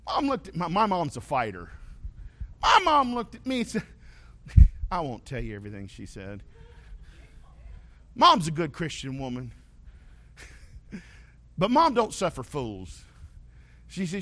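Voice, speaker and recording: A male pastor preaching a sermon, telling stories with animated swings from loud points to quiet asides. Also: fairly high pitch, unhurried, long pauses.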